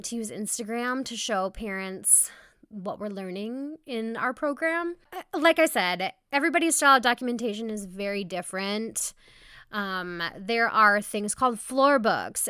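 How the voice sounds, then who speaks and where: A woman's voice: a little high, bright, forceful tone, clear, resonant tone, dry recording, studio quality. A woman, a preschool teacher hosting a podcast, chatting enthusiastically and restarting her sentences often. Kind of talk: casual solo podcast talk.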